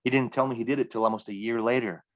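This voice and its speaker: A man's voice: medium pitch, steady tone, racing. A middle-aged man, a stand-up comedian, telling a long story in a podcast interview and acting out the dialogue with energy. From Milwaukee area, US.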